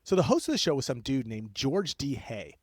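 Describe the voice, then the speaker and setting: Young guy rambling through a story, super excitable, keeps going off on tangents, dry close mic. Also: medium pitch, brisk, slightly rough, no echo. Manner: excitable, rambling, self-interrupting. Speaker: podcast co-host. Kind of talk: casual storytelling chat.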